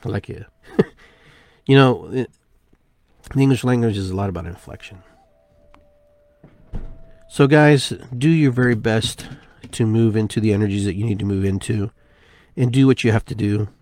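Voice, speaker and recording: A man hosting a spiritual podcast, talking in an unhurried, musing way and repeating phrases with shifting inflection. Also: on the low side, a little mellow, no room sound. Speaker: podcast host. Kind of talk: reflective spiritual monologue.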